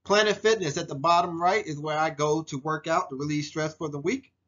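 A man's voice: on the high side, fairly even intonation, brisk, fairly bright tone, lo-fi sound. A man in his forties narrating a photo slideshow presentation for a class, earnest and heartfelt, with frequent ums and restarts. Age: 40s. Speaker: student presenter.

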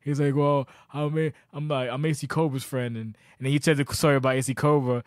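A man's voice: mid-range voice, flat delivery, fairly quick, no room sound, studio quality. A man hosting a casual podcast, telling long profane stories with lots of restarts. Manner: profane, rambling storyteller. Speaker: podcast host.

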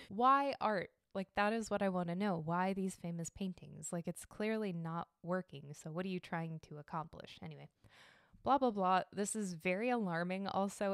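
A woman's voice: lowish voice, clean tone, dry recording, studio quality. A woman hosting her own podcast from home, talking in a chatty, rambling way and swearing freely. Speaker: podcast host. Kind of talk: casual solo podcast chat.

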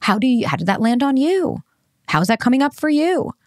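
A woman's voice: high-pitched, big pitch swings, brisk, no echo, studio quality. A woman hosting a podcast, talking in a candid, conversational way in a casual monologue. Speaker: podcast host.

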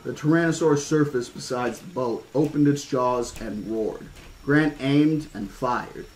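A man's voice: medium pitch, unhurried, a little mellow, a little hiss or hum, poor audio. Man reading a novel aloud casually. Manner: casual asides and restarts between passages. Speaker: audiobook reader. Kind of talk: horror-themed novel reading.

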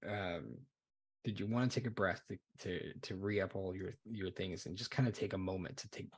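A man running a tabletop role-playing session as game master, narrating in a halting way and often circling back on his words. His voice sits on the low side with a husky texture.

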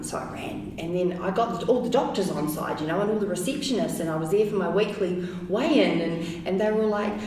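A woman, telling her story as an interview guest in a chatty, animated way full of fillers. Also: fairly low pitch. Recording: very echoey room, distant mic, faint noise.

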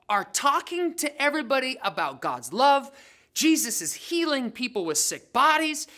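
A woman leading children's ministry acts out a Bible story for kids in a high, pushed, bright voice. She makes it playful and dramatic, full of slang and jokes.

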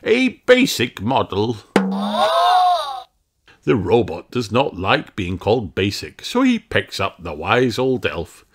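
A man reading a children's storybook aloud in a slow, gentle, sing-song way. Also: fairly low pitch, big pitch swings. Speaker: storybook reader. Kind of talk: children's read-aloud narration. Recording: loud background noise.

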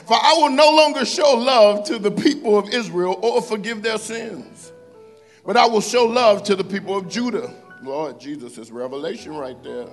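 A male pastor, preaching in church. He reads scripture slowly and with emphasis, and breaks off into joking asides to the congregation. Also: sits high, soft background music. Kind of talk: sermon. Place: church sanctuary.

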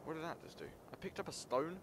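A young man giving casual let's-play commentary, excitable and jumpy, talking to himself and yelping when scared. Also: fast. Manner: excitable, jumpy, talks to himself, breaks into high panicked yelps. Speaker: gameplay streamer. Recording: loud game ambience and insect noise behind.

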